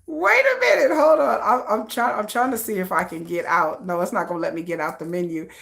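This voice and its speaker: Female livestream host, casual chat, laughs a lot, teasing, bright tone. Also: fairly low pitch, fairly even intonation, fast talker. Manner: giggly, teasing, laughs often.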